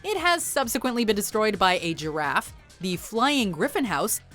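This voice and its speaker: A woman's voice: mid-range voice, very animated, moderate pace, over loud music. A woman narrating a scripted countdown video with wry, playful commentary.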